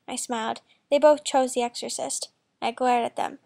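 A woman reading a first-person fan fiction story aloud in a plain, quick way. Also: high voice, fairly even intonation, gravelly, a little mellow. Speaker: story reader.

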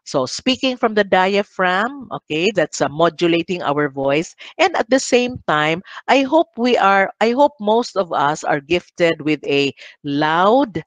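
A woman's voice: lowish voice, very animated, a little slow, hardly any pauses, no echo. A woman with a Filipino accent giving an earnest recorded lecture as a teacher trainer, often ending her points with a questioning "no?", speaking into a headset mic.

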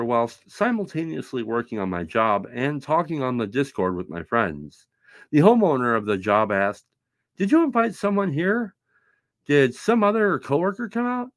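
A man's voice: medium pitch, a bit bright, no echo. A man anchoring a mock news segment, reading written jokes aloud in a mock-serious tone. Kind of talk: scripted comedy news reading.

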